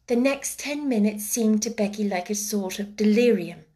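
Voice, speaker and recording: A woman narrating a classic children's story aloud, expressive, sometimes slipping into a hushed whisper. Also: mid-range voice, moderate pace. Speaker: audiobook narrator.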